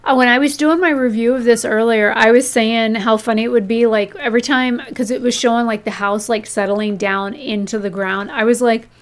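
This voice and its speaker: Brief: woman streamer chatting over gameplay, excitable and foul-mouthed, voice slightly high. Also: a little fast, hardly any pauses. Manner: excitable, swears a lot. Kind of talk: casual game stream commentary.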